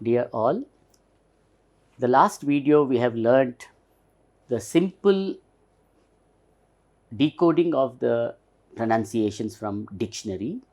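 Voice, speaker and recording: A male teacher with an Indian English accent giving a recorded phonetics lesson, explaining slowly and repeating words to show their stress. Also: mid-range voice, animated, darkish tone.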